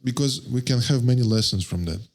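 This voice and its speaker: A man giving a devotional lecture, speaking haltingly, searching for words and restarting often. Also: medium pitch. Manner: chants verses slowly in a raised voice.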